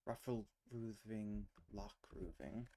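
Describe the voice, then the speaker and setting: Male streamer, unhurried, thinks aloud in half-finished mumbles while puzzling. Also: on the low side, dark tone, slight background noise. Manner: muttering, trailing off, self-questioning. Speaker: streamer hosting a casual language chat.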